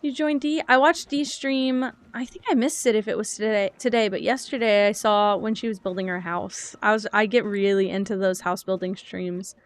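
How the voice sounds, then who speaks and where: Woman streamer, casual and chatty, mid-pitch, wanders between topics while she plays. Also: smooth. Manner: rambling, chatty, reads chat aloud. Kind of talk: casual gaming stream chat.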